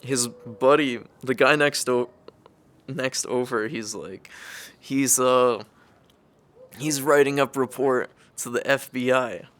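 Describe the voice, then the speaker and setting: A man's voice: mid-range voice, steady tone, slow pace, fairly bright tone. A young man from California tells a story in a laid-back, casual way, swearing freely and laughing often as he goes. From California, United States. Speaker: vlogger.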